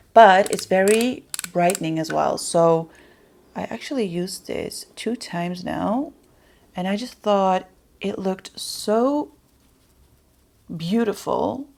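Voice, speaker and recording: A woman chatting casually through a makeup tutorial, rambling on and dropping soft muttered asides. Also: on the low side, gravelly. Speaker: beauty vlogger.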